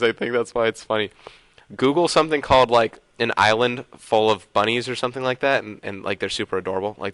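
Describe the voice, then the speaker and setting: A man's voice: fairly low pitch, pushed and bright, no room sound, low-quality recording. A man teaching a casual video math lesson, thinking aloud and sometimes trailing off into mutters.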